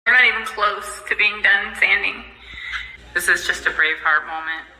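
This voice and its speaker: A woman's voice: medium pitch, moderate pace, pushed and bright, faint music behind, rough recording. Casual, joking woman. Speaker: boat owner working on the refit. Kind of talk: casual chat.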